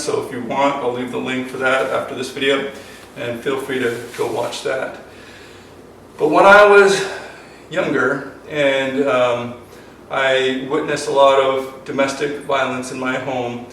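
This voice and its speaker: A man's voice: mid-range voice, a bit bright. Older male self-defense instructor, earnest and rambling, mid-range voice, heard from a distance in a very echoey space. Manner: earnest, rambling, with many ums and uhs. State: emotional, choked up. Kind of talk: casual instructional talk to camera. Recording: very echoey, distant from the mic, faint noise.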